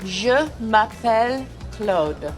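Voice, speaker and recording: A woman's voice: fairly high pitch, sing-song, normal speed, loud music behind the voice. An actress playing an impatient woman who is tutoring a hopeless French student. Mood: patient. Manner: exasperated, patient turning to shouting.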